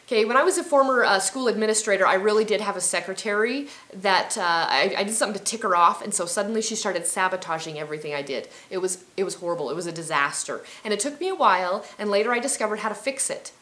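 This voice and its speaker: A woman's voice: medium pitch, fast talker, hardly any pauses, a bit bright, reverberant. A woman hosting an instructional self-help video, talking in a friendly, chatty way with fillers and restarts. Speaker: healing coach and video host.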